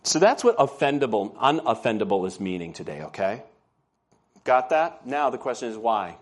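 A man's voice: medium pitch, very animated, moderate pace. Conversational man preaching a sermon. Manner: storytelling, conversational, asks the congregation questions. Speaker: pastor. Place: church.

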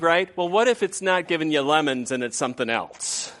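A man's voice: high-pitched, brisk, hardly any pauses. A man in his fifties preaching a conversational sermon as pastor, often acting out what people say. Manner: conversational, animated, acts out quoted voices.

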